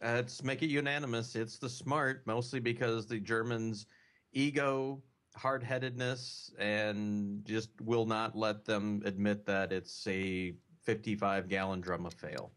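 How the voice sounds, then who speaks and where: A man on a car podcast panel, giving deadpan answers and number jokes. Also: lowish voice. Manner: deadpan, fast-talking. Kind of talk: casual panel chat.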